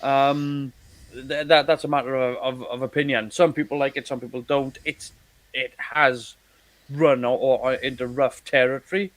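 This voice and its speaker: A man co-hosting a casual chat about a TV series, talking in halting bursts with many restarts and repeated words. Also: medium pitch, flat delivery, no echo. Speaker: podcast co-host.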